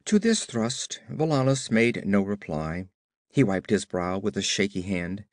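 A man narrating an adventure story aloud in an expressive storytelling manner. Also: fairly low pitch, measured pace, no room sound, clean studio sound. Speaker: audiobook narrator. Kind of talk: scripted narration.

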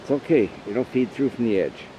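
A man casually narrating to a camera outdoors in the woods, chatty and unhurried as he sets up his gear. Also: medium pitch, expressive, warm tone. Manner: chatty, unhurried, talks to camera while working. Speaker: outdoor vlogger. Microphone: camera mic on a small tripod. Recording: dull lo-fi outdoor recording with clear background noise.

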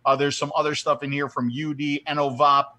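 A man's voice: a little high, level tone, fairly quick, sharp tone. A man hosting a casual show, joking and teasing his co-host while walking through a giveaway. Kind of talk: casual chat and giveaway announcement.

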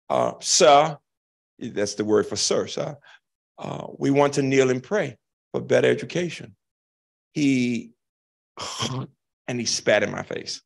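An older man giving a keynote talk, answering an audience question with animated, emphatic storytelling and slow, dramatic pauses. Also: mid-range voice, vocal fry. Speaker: keynote speaker. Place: lecture hall.

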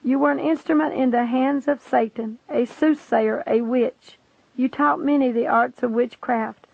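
Woman reading a solemn, stern male judge in scriptural wording, gravelly voice over a tinny line. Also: sits high, no echo, exaggerated voice.

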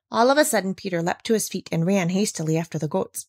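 A woman narrates a classic children's storybook aloud in a gentle, careful manner. Her voice sits in a middle range for a woman. The recording is dry and close, with little room sound. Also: medium pitch, animated, quick pace, hardly any pauses, slightly rough, dry recording. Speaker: reader.

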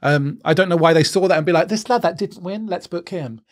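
Young Irish male comic, camp and cheeky, giggly interview chat, a bit high-pitched. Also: fairly quick. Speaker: comedian guest.

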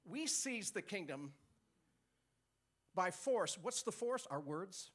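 High-voiced man preaching a sermon. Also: slow pace. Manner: animated, teaching with call-and-response and chuckles.

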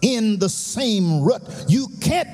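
A male pastor preaching a sermon, chanting in a whooping cadence and rising to shouts. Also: high voice, sing-song, takes it slowly. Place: large church sanctuary. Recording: long church reverb with faint organ music.

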